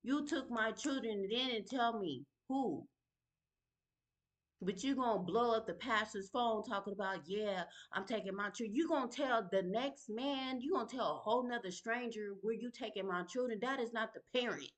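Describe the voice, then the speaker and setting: Woman, mid-pitched, emphatic casual vlog storytelling. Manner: emphatic and conversational, fond of asking "you feel me?". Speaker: vlogger sharing her story.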